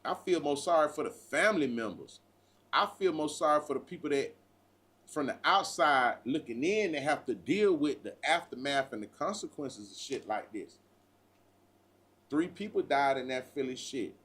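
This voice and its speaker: Animated, high-pitched man preaching street talk. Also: normal speed. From United States. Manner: profane, preachy street talk with repeated "bruh". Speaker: livestream host. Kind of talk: casual livestream monologue.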